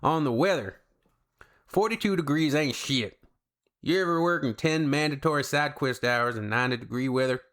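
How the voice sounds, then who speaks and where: A man's voice: medium pitch, moderate pace, fairly bright tone, natural voice. Brash American patriot, put on by a man, exaggerated drawl, blustering, scoffing. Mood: mock-patriotic.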